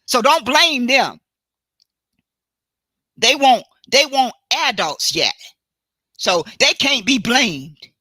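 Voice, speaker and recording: A woman hosting a solo live stream, talking in a deliberate, emphatic way and often stopping to correct and repeat herself. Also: fairly high pitch, animated, sharp tone, slightly rough, dry recording. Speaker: livestream host. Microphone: computer mic for a live stream.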